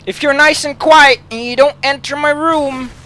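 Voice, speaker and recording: A man's voice: very high-pitched, fairly even intonation, normal speed, pushed and bright. A man giving casual let's play commentary in an anxious, rambling way, swearing heavily. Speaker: gaming commentator.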